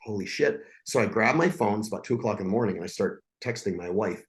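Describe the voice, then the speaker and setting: A man's voice: on the low side, fast. Blunt swearing guy in his 40s, guest on a podcast, raw intense storytelling. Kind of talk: emotional personal storytelling.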